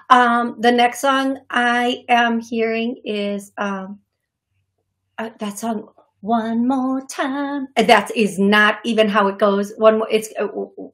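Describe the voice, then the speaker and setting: A woman hosting a call-in radio show as a psychic medium, talking in a rambling, self-deprecating way and laughing often. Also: medium pitch. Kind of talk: casual radio call-in talk. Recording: radio studio broadcast.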